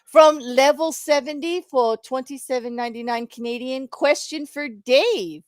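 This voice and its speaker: A woman's voice: high voice, measured pace, no room sound, clean studio sound. A woman with a South African accent, co-hosting a live stream and reading out donor messages with easy laughter. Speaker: co-host reading donations. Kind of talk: casual live-stream chat.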